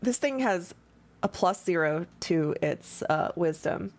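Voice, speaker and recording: A woman's voice: fairly low pitch, lively intonation, slow, darkish tone. A woman narrating a tabletop game as game master, casual and swearing freely.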